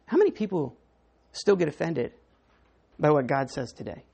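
A woman's voice: low-pitched, big pitch swings, moderate pace, gravelly, dark tone, slightly rough. A woman preaching a sermon in church, teaching in a conversational way and putting questions to the congregation.

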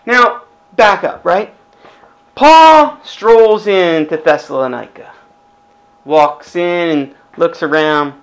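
A man's voice: sits high, slow, low-quality recording. Middle-aged male pastor, casual sermon delivery, rhetorical asides. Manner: conversational preaching with rhetorical questions.

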